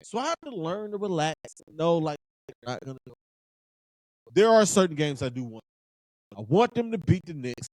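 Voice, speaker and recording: A man's voice: on the high side, big pitch swings, moderate pace, long pauses, darkish tone, no room sound. A man in his thirties hosting a sports podcast in casual talk, fired up and emphatic, repeating phrases for effect.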